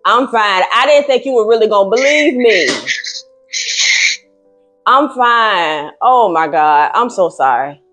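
A woman's voice: fairly high pitch, animated, unhurried, a bit bright, faint music behind. A woman on a prank phone call and vlogging afterwards, casual and apologetic. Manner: apologetic, emphatic, talks with friends nearby. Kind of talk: casual phone chat and vlog talk.

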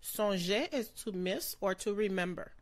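A woman giving a slow vocabulary lesson, pronouncing each word carefully and repeating it. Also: medium pitch, no echo. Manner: slow, careful pronunciation with repetitions. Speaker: language teacher.

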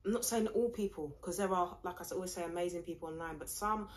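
A woman's voice: lowish voice, fast. A woman giving a casual tarot reading, rambling, blunt and mocking. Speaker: tarot reader.

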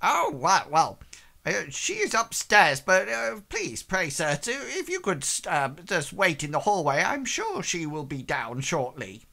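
A man's voice: high voice, huge pitch swings, unhurried, creaky, sharp tone, pitched above the performer's own voice, full character voice. A man voicing a flustered, fussy housemaid who is overly polite. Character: flustered fussy female housemaid, middle-aged.

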